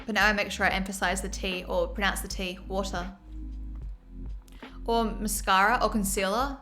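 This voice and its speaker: A woman's voice: mid-range voice, fairly even intonation, fairly quick, bright, forceful tone, soft background music. An Australian woman streamer chatting casually and laughing as she reads her chat aloud.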